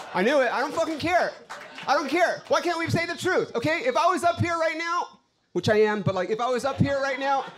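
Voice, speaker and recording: A man's voice: very high-pitched, fairly bright tone. A man doing a brash, profane stand-up set on a club stage, ranting to the crowd. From Los Angeles. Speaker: stand-up comedian.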